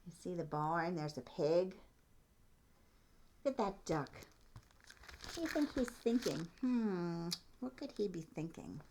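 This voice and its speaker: A woman's voice: on the low side, lively intonation, measured pace, long pauses, darkish tone, slight background noise. A woman reading a children's picture book aloud, asking the listener questions about the pictures as she goes. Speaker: storytime reader.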